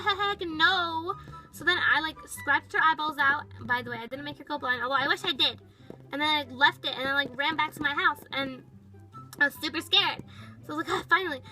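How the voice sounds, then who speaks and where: A woman's voice: sits high, pushed and bright, low-quality recording. A woman voicing a bratty, dramatic young female toy pet, telling a toy storytime with valley-girl chatter full of "like". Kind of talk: toy-figure storytime narration.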